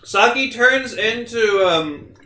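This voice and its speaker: An excitable young man chatting as podcast co-host, his voice bright and somewhat high, rising and falling a lot. He rambles with lots of fillers and swearing, and the sound bounces around a roomy space. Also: slow pace. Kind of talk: casual chat.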